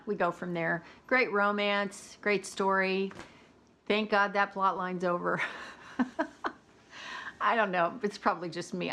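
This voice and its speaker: A book reviewer with a mid-range, fairly bright voice chats casually about audiobooks she's read. She's talkative and opinionated and laughs now and then.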